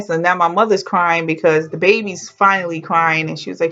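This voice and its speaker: A woman's voice: fairly low pitch, brisk, a bit bright, highs cut off. A woman vlogger telling a personal story in a chatty, heartfelt way, with exclamations and slang.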